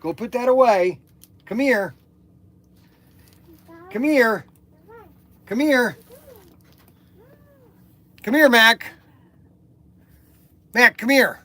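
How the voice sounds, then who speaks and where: Older man pitching toys, hard-sell. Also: expressive, slow pace, pauses often, bright, forceful tone. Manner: pushy salesman hype, repeats the shop slogan; repeats himself and restarts. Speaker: toy shop host. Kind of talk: live sales show chat.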